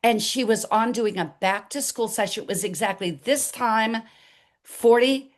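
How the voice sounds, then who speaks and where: An older woman as an interview guest, telling her story in an animated way and acting out the dialogue. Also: a little high, measured pace.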